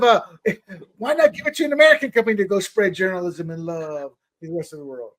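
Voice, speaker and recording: A middle-aged man co-hosting a political talk show, animated and often repeating words as he builds a point. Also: high voice, a little fast. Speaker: podcast co-host. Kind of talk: political commentary chat.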